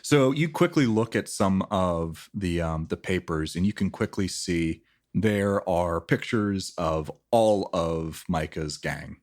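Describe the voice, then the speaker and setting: A man's voice: low voice, animated, slow pace, darkish tone. A man narrating as game master of a tabletop role-playing game, rambling with many fillers and restarts.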